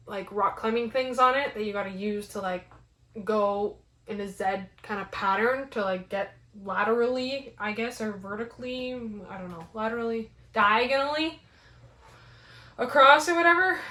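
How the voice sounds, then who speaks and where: A young woman with a fairly high voice rambles through a story for her vlog. She is animated and leans on "like" constantly. The sound carries a roomy echo. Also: measured pace. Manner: rambling, many "like" fillers, animated. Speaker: fitness vlogger.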